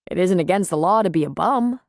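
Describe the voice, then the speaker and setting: A woman voicing a calm, plain-spoken man who runs a small-town bar, in an audiobook. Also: lowish voice, fairly quick, dry recording, clean studio sound. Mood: steady. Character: Jack, male small-town bar owner, calm and steady.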